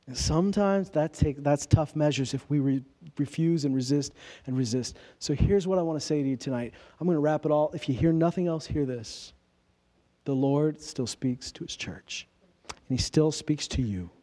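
A male pastor with a high, mellow voice preaches informally, asking rhetorical questions and acting out quoted lines.

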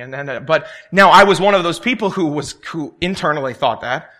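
A man's voice: on the high side, brisk, hardly any pauses, fairly bright tone. A young man preaching a sermon in a conversational way, telling stories and acting out the voices of the people in them. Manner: conversational, tells stories and acts out quoted voices.

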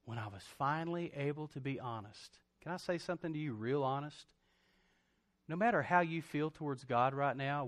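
A male pastor, telling a personal story in a sermon and speaking straight to his congregation. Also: medium pitch.

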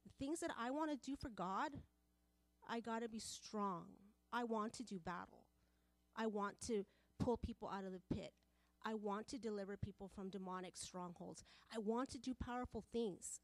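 A woman's voice: mid-range voice, moderate pace, no echo. A woman preaching a sermon to a women's group, passionate and repetitive, building in volume as she presses her points.

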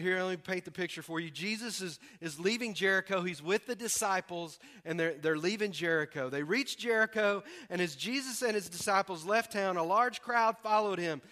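A man from the preaching a sermon, animated and acting out voices with humor. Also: high voice. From American South. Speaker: pastor.

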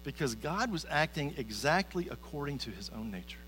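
A man's voice: a little high, very animated, brisk, fairly bright tone. A man giving a conversational sermon as a pastor, often repeating his first word as he starts a sentence. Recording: reverberant hall with faint mains hum.

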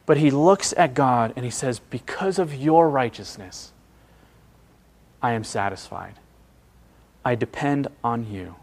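A man preaching a sermon, earnest and emphatic, with dramatic pauses and hushed drops. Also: mid-range voice.

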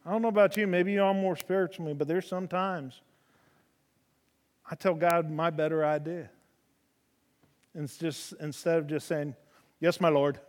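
A man preaching a sermon, spinning folksy stories with humor in a slightly high voice. He swings from loud emphasis down to soft, low lines. A long reverb trails his words as in a church hall. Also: fairly even intonation, moderate pace, pauses often. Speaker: preacher in a horse ministry.

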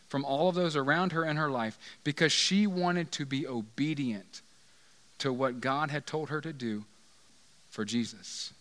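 A man's voice: on the high side, a little slow, fairly bright tone, long reverb tail. A man preaching a sermon in a conversational way, often asking the listeners rhetorical questions. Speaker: pastor.

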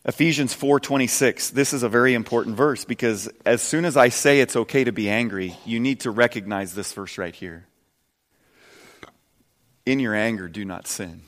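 A man in his fifties preaching a sermon earnestly, dropping soft and low, then rising loud and emphatic. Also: a little fast, hardly any pauses, long reverb tail. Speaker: pastor.

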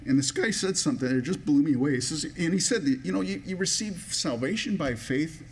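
A man's voice: a little high, expressive, brisk, a little hiss or hum. A man preaching a sermon in a personal, conversational way, with many restarts and a touch of emotion. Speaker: pastor.

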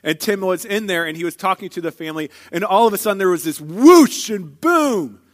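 A pastor delivering a conversational sermon, telling personal stories and asking the congregation rhetorical questions. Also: male voice, high-pitched, rapid-fire, a bit bright.

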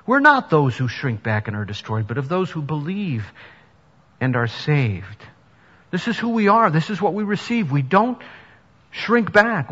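A man's voice: fairly high pitch, fairly bright tone, slightly rough. Preaching man in a reverberant hall. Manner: earnest, rising to emphatic preaching. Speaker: pastor. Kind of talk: sermon. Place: church sanctuary. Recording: dull sound with long reverb in a hall.

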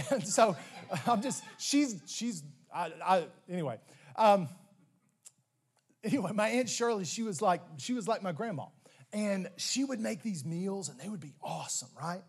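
A man preaching a sermon as pastor, animated, swinging between loud emphatic lines and low slow ones, with stammered restarts. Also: slightly rough.

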